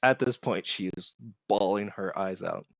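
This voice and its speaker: A man narrating as game master of a tabletop game, relaxed and unhurried, with many fillers. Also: lowish voice, no room sound, clean studio sound.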